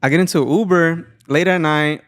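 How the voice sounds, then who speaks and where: A man's voice: fairly high pitch, fairly quick, no echo. A young man hosting a casual podcast interview, telling stories and acting out quotes with a raised voice. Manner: animated storyteller, acts out quotes in a raised voice. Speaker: podcast host. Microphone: studio microphone.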